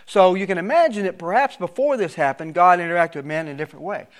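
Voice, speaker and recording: A man leads a verse-by-verse Bible study in a slightly high voice. He reads scripture with rising emphasis, then drops into plain explanation, often restarting and repeating his words. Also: fast talker. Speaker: preacher.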